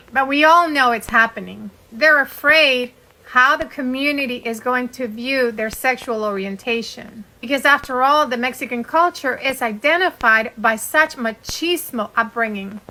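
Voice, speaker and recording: A woman's voice: high-pitched, bright, forceful tone, rough recording. A woman giving wry, knowing social media commentary.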